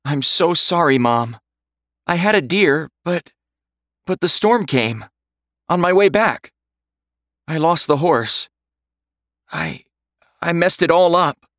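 A man's voice: a little high, lively intonation, takes it slowly, long pauses, fairly bright tone, dry recording, studio quality, pitched above the performer's own voice, heavily acted. A man voicing a guilt-stricken young son who stammers and pleads in a raised, choked voice. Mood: distraught.

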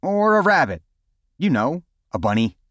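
A cocky, athletic teenage boy, acted by a male narrator, tossing lines off lightly. His pitch is pushed up and lilts widely. Recorded dry and close. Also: sing-song, normal speed, no room sound. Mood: offhand. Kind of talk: audiobook character voice.

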